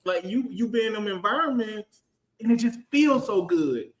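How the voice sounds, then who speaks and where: Animated guy in his 30s telling it straight, highish voice. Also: normal speed, reverberant. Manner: animated, storytelling, acts out quotes. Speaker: finance and accounting professional. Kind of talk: casual panel chat.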